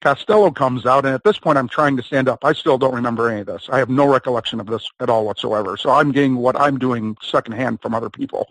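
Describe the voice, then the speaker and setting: A man of medium pitch talks in a loose, rambling storytelling way, laughing now and then and slipping into voices of others as he recounts a ring mishap. His voice is close and dry, with no room sound around it. He comes across as an interview guest swapping stories. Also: fast, few pauses, fairly bright tone, dry recording, poor audio. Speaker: wrestler. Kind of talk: casual storytelling.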